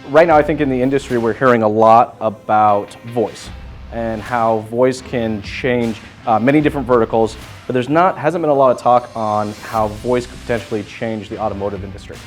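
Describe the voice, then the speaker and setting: Man, conference host, casual, swears freely, keen, mid-pitched voice. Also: normal speed, soft background music. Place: conference venue.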